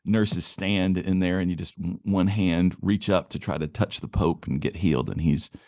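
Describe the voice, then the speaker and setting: A man with a very deep, gravelly voice riffs in a rambling, wry way on a casual podcast. He fills his talk with loose asides. The recording is dry and close. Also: moderate pace, a little mellow, no room sound. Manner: rambling, wry riffing with many "you know"s. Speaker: podcast co-host. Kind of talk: casual comedic chat.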